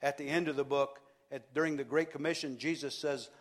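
A man preaching a sermon earnestly, repeating key phrases and pausing for emphasis. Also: on the high side, fairly even intonation. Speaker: pastor.

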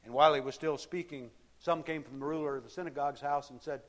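A man's voice: on the high side, steady tone, quick pace, hardly any pauses. Man preaching a conversational sermon. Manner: conversational preaching with rhetorical questions. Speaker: pastor.

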